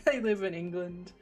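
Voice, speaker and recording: Brief: young UK woman streamer, bouncy lively pitch, rambling and giggly, soft music underneath. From United Kingdom. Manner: rambling, giggly, trailing off into mumbles. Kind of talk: casual stream chat. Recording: faint background music.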